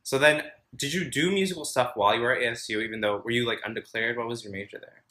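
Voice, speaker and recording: A man hosting a casual interview chat about singing, enthusiastic and full of quick interjections. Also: mid-range voice, pushed and bright. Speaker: podcast host. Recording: roomy echo.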